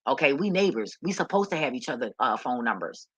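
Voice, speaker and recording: A woman's voice: extremely low pitch, big pitch swings, fairly quick, husky, no echo, muffled recording. A woman vlogger telling a story in a blunt, heated, profane rant.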